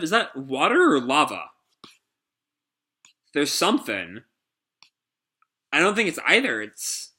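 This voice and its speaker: A man's voice: mid-range voice, bright, forceful tone. Casual, amused young man reacting. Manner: casual, amused, laughs often. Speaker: reaction host. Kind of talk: live manga reaction commentary.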